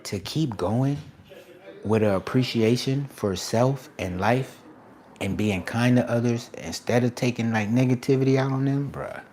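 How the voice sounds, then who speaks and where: A man streaming live as an artist, giving excited shout-outs to viewers in casual slang, then turning soft and reflective. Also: mid-range voice, measured pace, a little hiss or hum. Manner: drops to a soft, quiet reflective tone. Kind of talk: casual livestream chat.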